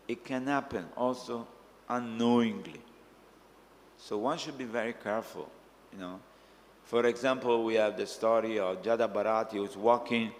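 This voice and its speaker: A man's voice: medium pitch, gravelly, a little hiss or hum. Man teaching in a reverberant hall. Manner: earnest storytelling, acting out quoted voices. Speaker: speaker. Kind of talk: scriptural class answering questions.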